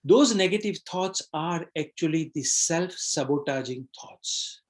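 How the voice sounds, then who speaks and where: A man's voice: fairly high pitch, animated, unhurried. Earnest man giving a motivational talk. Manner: earnest, repeats phrases, addresses listeners as "you and I". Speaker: webinar trainer.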